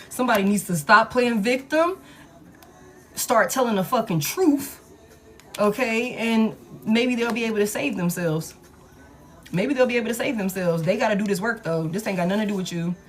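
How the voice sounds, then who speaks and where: Brisk and medium-pitched, this woman does a casual tarot reading, blunt and swearing freely as she repeats things for emphasis. Slight background noise sits under her voice.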